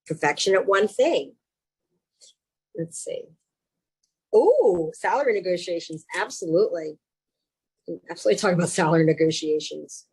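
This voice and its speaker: Husky Southern-accented woman coaching. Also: fairly low pitch, moderate pace, long pauses, poor audio. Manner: chatty and animated, with self-mocking asides. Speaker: executive coach. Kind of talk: webinar presentation. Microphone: video call.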